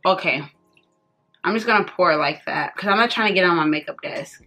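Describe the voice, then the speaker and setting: A woman's voice: lowish voice, a little fast, bright, forceful tone, soft background music. A woman vlogger, tipsy, chatting loosely and swearing freely to her viewers while doing her makeup. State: tipsy from drinking. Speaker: beauty vlogger. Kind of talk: casual makeup tutorial chat.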